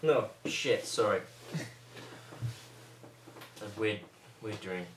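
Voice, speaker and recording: A man with a monotone, self-mocking manner, chatting and joking in a living room. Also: on the low side, extremely slow. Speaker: co-host of the ramble. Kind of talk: casual joking chat. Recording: roomy room, from far off, faint noise.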